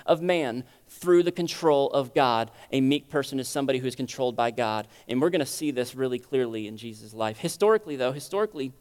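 Preaching fast with hardly any pauses, a man with a clear, resonant voice teaches his sermon conversationally in a church sanctuary full of long hall reverb. He asks rhetorical questions and alternates loud stress with quiet lows.

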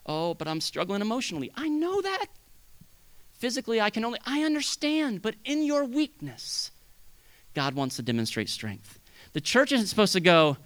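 A man preaching a sermon as pastor, swinging between loud bursts and hushed asides. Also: high-pitched, very animated, normal speed, no echo.

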